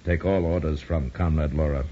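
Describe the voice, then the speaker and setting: A cold, curt spy chief. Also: male voice, extremely low pitch, steady tone, moderate pace, breathy edge. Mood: stern. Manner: curt, clipped orders. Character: cold, commanding male communist spy chief. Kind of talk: 1950s radio drama acting. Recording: dull lo-fi old radio recording with faint hiss.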